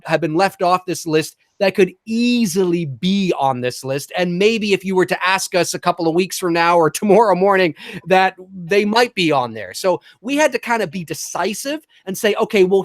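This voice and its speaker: A man co-hosting a live-stream chat show, talking casually and at length with frequent restarts and the odd curse. His voice sits a little high, and the recording is dry with no room sound. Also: no echo. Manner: rambling, animated, restarts, swears casually. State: talking with a lozenge in his mouth. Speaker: podcast co-host.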